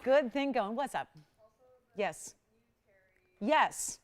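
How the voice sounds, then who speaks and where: A woman hosts a live jewelry shopping show in a smooth, clear voice pitched a little high. She pitches her deals with chatty enthusiasm and greets callers by name. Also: animated, very slow. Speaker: shopping channel host.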